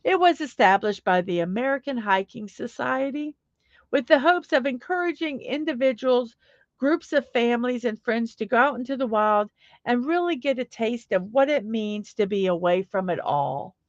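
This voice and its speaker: A middle-aged woman chatting on her morning livestream in an upbeat, rambling way, with a voice pitched a touch high. The sound is a bit dull and lo-fi, close and dry with no room echo. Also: expressive, normal speed. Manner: chatty, upbeat, reads chat aloud. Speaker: livestream host. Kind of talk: casual livestream chat.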